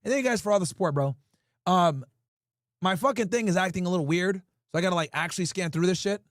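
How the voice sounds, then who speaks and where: High-voiced blunt male streamer. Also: fast, no echo, studio quality. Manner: blunt, profane, talks straight to chat. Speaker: livestream host. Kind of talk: casual livestream chat, reading viewer comments.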